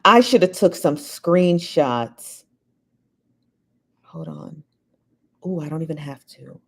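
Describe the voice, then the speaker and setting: Low-voiced woman hosting a gossipy live stream. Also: lively intonation, slow. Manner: rambling, filler-heavy, gossipy. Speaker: live show host. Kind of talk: casual live-stream chat reading viewer comments.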